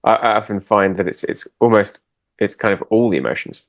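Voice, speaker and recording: Low, gravelly man in calm chat. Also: brisk, no room sound, studio quality. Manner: calm, agreeable, musing. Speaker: podcast co-host and coach. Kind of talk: reflective conversational chat.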